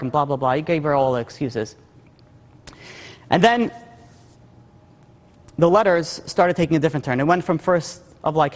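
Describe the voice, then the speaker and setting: A man's voice: on the high side, animated, normal speed, pauses often. A male rabbi telling a story in a sermon, casual with lots of "like" and "you know". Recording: long hall reverb.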